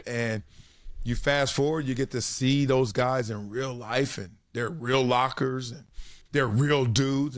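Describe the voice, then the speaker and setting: A man in his forties from South Central Los Angeles, a former football player telling animated stories as a podcast guest, laughing and acting out the voices of people in his anecdotes. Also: medium pitch. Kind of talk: casual storytelling.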